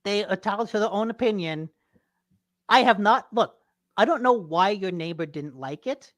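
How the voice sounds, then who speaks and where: A woman co-hosting a casual podcast chat, ranting in an animated way and swearing freely. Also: medium pitch, normal speed, no room sound, clean studio sound. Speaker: podcast co-host.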